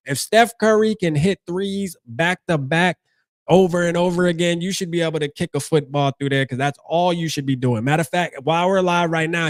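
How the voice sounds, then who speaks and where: A man hosting a casual sports talk livestream, hyped and slangy, with loud bursts of enthusiasm. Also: on the high side, dry recording. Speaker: livestream host.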